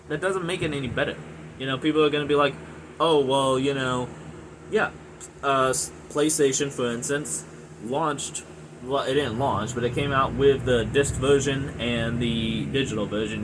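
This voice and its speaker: Annoyed 20s guy ranting n cursing, average pitch, lots of "you know", humming noise behind him. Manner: profane, frustrated, rambling with many fillers. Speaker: gaming video reviewer. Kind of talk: angry ranting monologue.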